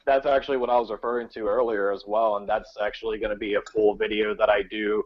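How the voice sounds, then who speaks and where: A man's voice: fairly low pitch, level tone, fast. Ranting man, muffled lo-fi mic. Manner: heated ranting, swears a lot. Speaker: musician and video maker. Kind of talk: casual profane ranting. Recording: dull lo-fi mic.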